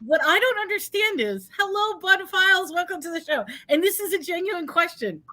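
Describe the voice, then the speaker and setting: A woman hosting a live online chat, talking in an animated, questioning way. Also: extremely high pitch, moderate pace. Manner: animated, questioning, puts on a cutesy sing-song for props. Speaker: host. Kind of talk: casual live-stream chat.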